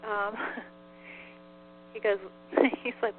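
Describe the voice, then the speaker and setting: Chatty and prone to giggling, a woman channels a spirit's messages in an easygoing call-in, sprinkling "like" everywhere. Her pitch is medium and her pace moderate, heard over a phone line with a faint mains hum.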